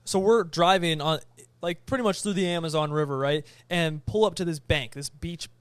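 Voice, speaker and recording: A young man on a podcast, casually telling a travel story and acting out the quoted voices with animated energy. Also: a little high, normal speed, smooth, dry recording. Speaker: podcast co-host.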